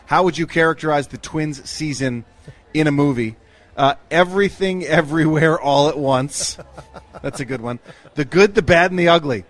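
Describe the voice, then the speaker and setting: A man's voice: on the high side, moderate pace. A man co-hosting a live radio show outdoors at a fair, joking with the crowd and his partner. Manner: upbeat, joking banter. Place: outdoor broadcast booth at a state fair.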